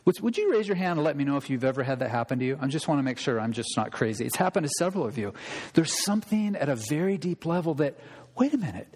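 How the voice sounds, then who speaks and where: Animated male preacher in a reverberant hall. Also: fairly high pitch, fast talker. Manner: animated, acts out scripture quotes with sudden loud outbursts; addresses congregation directly, rhetorical questions. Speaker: pastor. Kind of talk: sermon. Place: church sanctuary. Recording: long reverb of a large hall.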